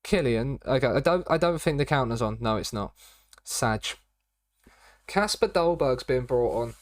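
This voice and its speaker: A man's voice: mid-range voice, animated, a little slow. A young man chatting casually as he streams a football management game, rambling and repeating his catchphrases. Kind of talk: casual live-stream commentary.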